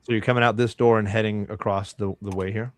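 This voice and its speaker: A man narrating as dungeon master in a relaxed, rambling way with many fillers. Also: lowish voice, fast talker, no room sound. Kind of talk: narrating a tabletop game.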